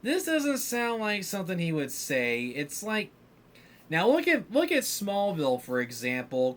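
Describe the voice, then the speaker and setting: A man hosts a solo podcast in a fired-up, rambling way. He leans on filler words and often restarts his sentences. His voice sits a touch high for a man. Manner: animated ranting, heavy filler words, frequent restarts. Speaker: podcast host. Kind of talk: casual solo commentary.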